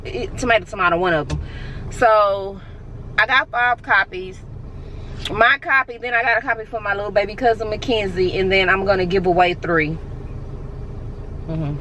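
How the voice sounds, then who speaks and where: A woman's voice: medium pitch, sharp tone, a little hiss or hum, low-quality recording. A young woman, chatting casually and emotionally to her vlog viewers on a phone camera. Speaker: vlogger.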